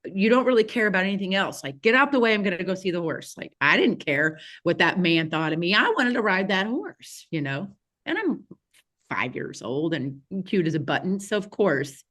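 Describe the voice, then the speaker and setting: Animated woman telling a story. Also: on the low side, normal speed. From Southeast Missouri, USA. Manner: animated, laughs often, many fillers. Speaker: podcast guest. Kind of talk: casual storytelling.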